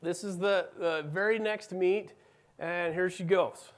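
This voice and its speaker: A man's voice: high voice, steady tone, a little slow. A middle-aged man giving a conference talk, telling a story about his family and acting out their dialogue. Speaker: conference speaker. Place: conference room.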